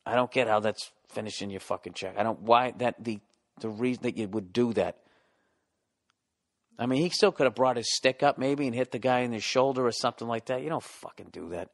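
A man's voice: mid-range voice, a little fast. A middle-aged man ranting casually and profanely as a podcast host, sounding exasperated.

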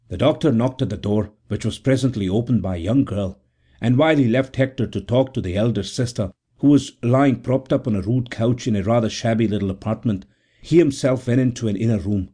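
A man reading a story aloud in measured, even narration. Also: mid-range voice, breathy edge. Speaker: audiobook narrator. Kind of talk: scripted narration.

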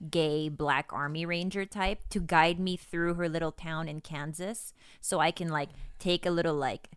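A woman co-hosting a podcast in casual chat, blunt and swearing, pausing often with ums. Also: low voice, fairly even intonation, smooth, no room sound, studio quality. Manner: blunt, hesitant with many ums while telling a story. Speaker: podcast co-host.

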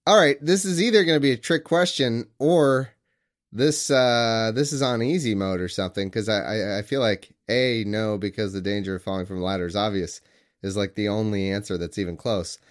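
A man's voice: fairly low pitch, brisk. A man from California co-hosting a podcast, working through a quiz question in rambling, joking casual chat that keeps cutting itself off. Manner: rambling, self-interrupting, joking. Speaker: podcast co-host answering a quiz.

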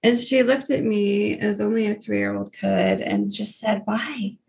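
A woman in her thirties, a grief coach, earnestly telling her personal story in an interview, with soft laughs. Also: mid-range voice, a little slow, creaky.

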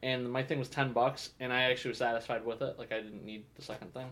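Guy rambling on a podcast in a comic shop, says like a lot, mid-pitched voice. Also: steady tone, fast talker, fairly bright tone. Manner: rambling, full of "like" and restarts. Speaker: podcast co-host. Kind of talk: casual chat.

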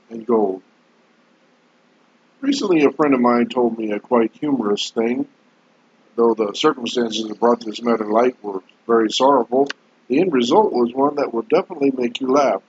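A man, a pastor hosting a radio devotional sermon, speaking in a measured, earnest way and drawing out his words. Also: medium pitch, breathy edge. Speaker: pastor and host. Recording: dull lo-fi broadcast audio.

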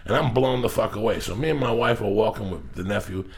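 A man hosting a casual podcast, telling profane, animated stories and acting out the quotes. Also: on the low side, fast, gravelly. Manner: profane storyteller, acts out quotes. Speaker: podcast host. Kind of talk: casual chat. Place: Los Angeles area.

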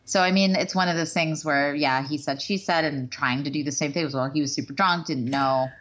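A woman's voice: low voice, a little fast, fairly bright tone, lo-fi sound. A woman co-hosting a casual podcast, reading celebrity news aloud and joking around. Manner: giggly, reads news stories aloud, jokey impressions. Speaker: podcast co-host.

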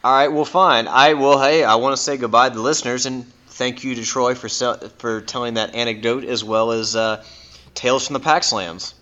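A man's voice: medium pitch, fairly even intonation, moderate pace, pushed and bright. A man co-hosting a podcast, talking in a dry, teasing way. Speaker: podcast co-host. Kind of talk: casual chat. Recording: dull lo-fi sound.

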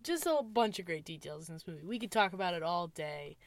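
A woman's voice: fairly low pitch, very animated, fairly quick, no echo. Casting: woman podcast co-host, giggly and playful, dry close sound. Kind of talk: casual movie review chat.

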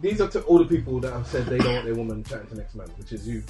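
A man's voice: mid-range voice, rapid-fire. A man hosting a casual group chat. He acts out what other people would say. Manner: animated, acts out quoted voices. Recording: distant mic with faint music.

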